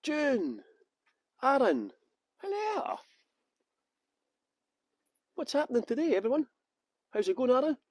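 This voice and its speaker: A man's voice: very high-pitched, very animated, moderate pace, pauses often, darkish tone, dry recording. A man chatting through a live-streamed walking tour outdoors, joking and greeting viewers by name. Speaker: tour guide. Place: outdoors at a historic cottage.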